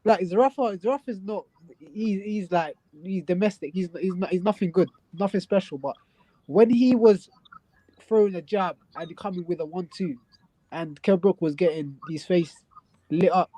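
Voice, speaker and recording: A man's voice: high-pitched, normal speed, mellow, no room sound, poor audio. A man with a London accent in casual chat, giving blunt opinions on boxing and often repeating himself. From South London. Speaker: guest boxing pundit.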